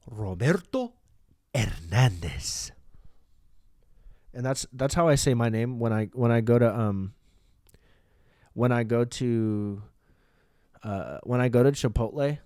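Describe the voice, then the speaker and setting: Speaking at medium pitch with a warm tone, a man hosting a podcast works through a rambling, profane comedic monologue with frequent restarts. He uses a studio microphone, and the sound is dry and clean.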